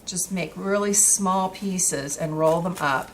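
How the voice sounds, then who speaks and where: A woman's voice: lowish voice, slow pace, a little hiss or hum. Chatty woman teaching a craft project. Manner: chatty, with many fillers and restarts while working. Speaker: craft tutorial host. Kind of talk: casual crafting tutorial.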